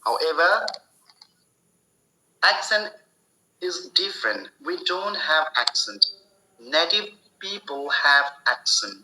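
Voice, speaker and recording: Slow, bright-voiced man teaching English. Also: fairly high pitch, big pitch swings, poor audio. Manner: slow, deliberate explaining with repetitions and restarts. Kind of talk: spoken English lesson.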